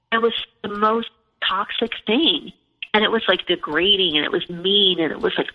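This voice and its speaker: A woman in her forties, a podcast guest, telling her own story in a casual, rambling way full of fillers. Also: lowish voice. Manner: rambling, heavy use of filler "like". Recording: echoey, muffled phone-like call audio.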